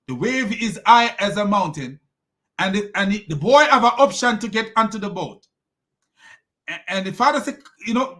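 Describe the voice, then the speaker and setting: A man with a high voice hosts a commentary and mocks as he goes. His tone is bright and pointed. He laughs often and trips over restarts. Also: animated, moderate pace, pauses often. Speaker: host. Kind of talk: critical commentary.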